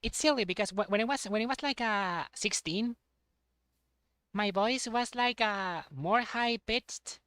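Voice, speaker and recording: A young man streaming a game, chatting casually in a halting way and repeating words. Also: sits high, sharp tone, clean tone, dry recording, studio quality. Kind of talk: casual chat while playing a game.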